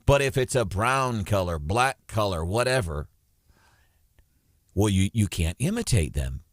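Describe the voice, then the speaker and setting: Radio host guy ranting on air, pitch swinging a lot, dry studio mic. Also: measured pace, dry recording. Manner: opinionated, animated, takes calls. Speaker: radio talk show host. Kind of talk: talk radio commentary. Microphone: studio microphone.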